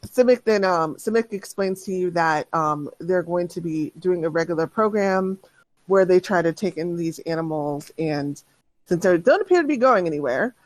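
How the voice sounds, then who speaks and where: A woman's voice: lowish voice, animated, moderate pace, no echo. A woman narrating as game master in a tabletop game, rambling with many restarts. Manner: rambling, lots of fillers and restarts. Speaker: dungeon master.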